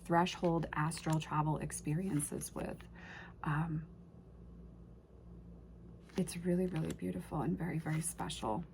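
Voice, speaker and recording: A woman's voice: on the low side, darkish tone, a little hiss or hum. A woman casually unboxing and reviewing an oracle deck, gushing and emotional, often trailing off and restarting her sentences.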